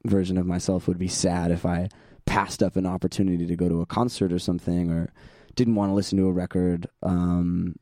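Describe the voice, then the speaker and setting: A young man hosting a casual solo podcast, hoarse and tired, rambling along in a self-deprecating way and laughing often. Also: level tone, a little fast, dark tone, dry recording, clean studio sound. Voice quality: gravelly, sandpapery. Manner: low energy, tired. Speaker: podcast host.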